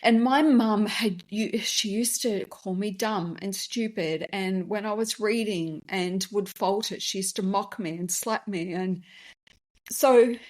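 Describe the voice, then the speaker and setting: A woman's voice: mid-range voice, slow pace, darkish tone. A woman hosting a podcast, telling a personal story in a candid, emotional, conversational way. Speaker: podcast host and business founder.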